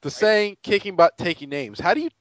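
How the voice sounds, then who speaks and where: A man's voice: high voice, expressive, brisk, no room sound, low-quality recording. A man co-hosting a sports podcast, ranting in an exasperated, sarcastic way and mocking people in quoted voices. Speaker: podcast co-host. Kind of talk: casual sports podcast rant.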